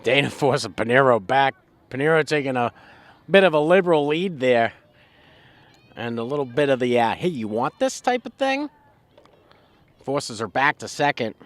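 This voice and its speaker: A man giving color commentary on a local softball game, easygoing as he runs through stats and at-bats. His voice is dry and close, with little room sound. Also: medium pitch, normal speed, pauses often, dry recording. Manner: relaxed, talks through player stats.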